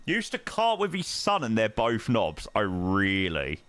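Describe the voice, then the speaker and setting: A man's voice: on the low side, wildly swooping pitch, measured pace, fairly bright tone, no room sound. A young man chatting casually on a flight-sim live stream, bantering with chat in slang.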